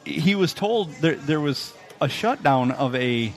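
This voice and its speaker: A man's voice: on the high side, lively intonation, measured pace, faint music behind. A man co-hosting a casual comedy podcast, telling wry, morbid stories in banter. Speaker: podcast co-host.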